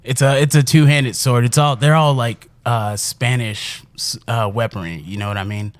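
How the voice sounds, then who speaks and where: A man's voice: mid-range voice, normal speed, no room sound. Young chicago dude on a podcast, swears a ton, laughs through his stories. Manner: profane, laughing, animated storyteller. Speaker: podcast guest. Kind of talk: casual storytelling.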